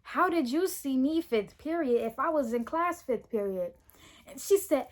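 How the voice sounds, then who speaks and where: A teenage girl with a high, bright voice tells a school story straight to the camera. She is animated and indignant, acting out each line of the argument in her retelling. The delivery is loose and casual, full of quoted back-and-forth. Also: unhurried. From Florida, US. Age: teens. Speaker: vlogger telling a story.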